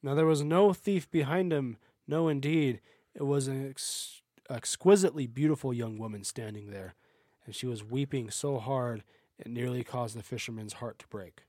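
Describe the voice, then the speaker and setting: A man's voice: mid-range voice, normal speed, mellow, dry recording, clean studio sound. A man, a podcast host, reading a folktale aloud with small stumbles and self-corrections.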